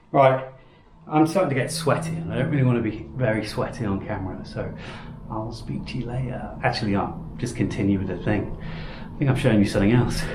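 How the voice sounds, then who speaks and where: A man's voice: medium pitch, roomy sound, noisy background. A man chatting casually on a home vlog while renovating his house, rambling and self-deprecating. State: out of breath. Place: house under renovation, indoors.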